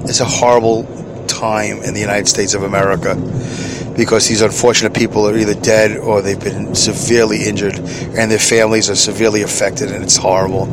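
A man's voice: lowish voice, background noise. Rambling middle-aged man talking in his vehicle. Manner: self-deprecating, chuckling, answers his own questions. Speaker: podcast host. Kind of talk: rambling solo podcast monologue.

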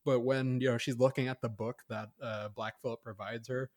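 A man's voice: mid-range voice, steady tone, fairly quick. A man co-hosting a casual podcast, rambling through a film review with many fillers and restarts. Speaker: podcast co-host.

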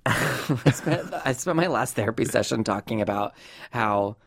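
An American host in casual interview chat, talking with chatty enthusiasm and quick asides. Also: mid-range voice, animated, vocal fry. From United States.

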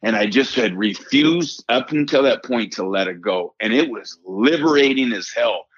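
A middle-aged man speaks as an interview guest in an earnest, emphatic way, circling back over his phrases and dropping in "man". His voice sits at an ordinary pitch. The audio is dull and lo-fi, dry with no room echo. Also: animated, normal speed, slightly rough. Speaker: guest, performance coach and former pitcher. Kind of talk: personal storytelling in a podcast interview.

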